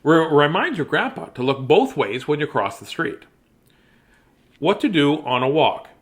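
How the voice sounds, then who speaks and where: A man's voice: a little high, very animated, unhurried. A man hosting a bedtime story reading, chatty and playful, laughing and riffing between pages. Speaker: host reading children's books aloud. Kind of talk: casual read-aloud storytelling.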